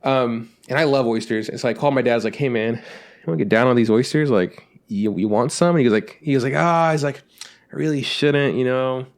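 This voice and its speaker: A young man rattles through a long story at a quick clip, full of asides and little acted-out quotes. He swears casually and keeps an easy, chatty podcast tone. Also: medium pitch. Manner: rambling anecdotes with acted-out quotes, swears freely. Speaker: podcast co-host.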